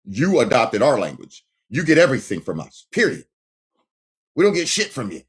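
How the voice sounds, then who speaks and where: Ranting straight at his audience on a phone livestream, a male host taunts and confronts his viewers. He has a medium-pitched voice with huge pitch swings and talks at a normal speed.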